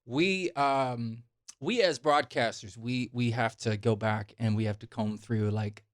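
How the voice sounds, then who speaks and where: Male radio host, mid-pitched voice, dry close sound, rambling friendly questions. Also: a little slow, no room sound. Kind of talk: casual interview chat. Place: radio studio.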